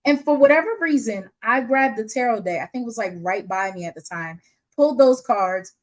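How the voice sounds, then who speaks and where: A woman's voice: fairly high pitch, animated, fairly quick, poor audio. A woman business coach talking off the cuff to her audience, candid and slangy, laughing often as she tells a story. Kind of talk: casual unscripted teaching.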